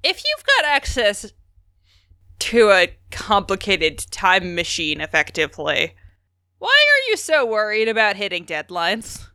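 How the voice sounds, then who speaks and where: A woman playing a blunt, bright-voiced engineer. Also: medium pitch, huge pitch swings, a little slow, clear, resonant tone, no room sound, studio quality, exaggerated voice. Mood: skeptical. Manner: blunt, wry.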